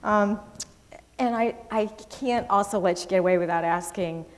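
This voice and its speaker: A woman's voice: medium pitch, moderate pace. A woman guest host asking an author friendly questions onstage in an opera house. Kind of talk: onstage interview. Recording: long reverb of a large hall, faint noise.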